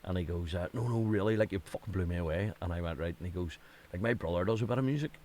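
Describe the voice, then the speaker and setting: A man's voice: low voice, fast, slight background noise. A man with a Northern Irish accent hosting a casual chat, telling stories with lots of swearing. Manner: swearing, lively storytelling with put-on quotes. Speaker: podcast host.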